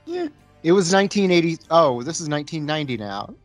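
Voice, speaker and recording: A man's voice: fairly high pitch, very animated, fast talker, faint music behind. A young man co-hosting a podcast, telling a movie's story in a laid-back way with crude jokes. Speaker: podcast co-host. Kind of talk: casual movie-riffing chat.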